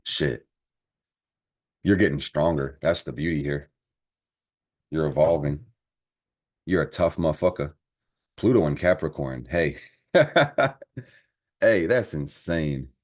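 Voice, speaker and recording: A man's voice: extremely low pitch, a little slow, pauses often. A man giving a casual astrology and tarot reading to camera, talking in a slangy, profane, encouraging way. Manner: slangy, profane, animated pep talk.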